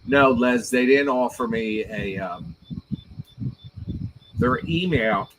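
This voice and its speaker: A man's voice: medium pitch, slow, noisy background. A man hosting a rambling, joking late-night livestream, chatting casually with viewers and a companion. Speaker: livestream host.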